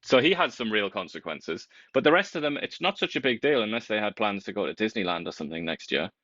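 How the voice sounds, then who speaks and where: A man giving casual political commentary, animated and sarcastic, often laughing as he talks. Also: fairly low pitch, fast talker, no echo. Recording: dull lo-fi sound.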